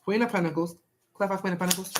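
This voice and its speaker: A woman's voice: fairly low pitch, steady tone, racing, background noise. A young woman doing a casual live-stream tarot reading, chatting with viewers and repeating herself.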